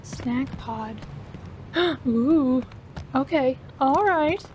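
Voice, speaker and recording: High-voiced, excitable woman gamer. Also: drawn-out words, slight background noise. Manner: excitable, gasping, repeating exclamations. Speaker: let's play gamer. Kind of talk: let's play commentary. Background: game music.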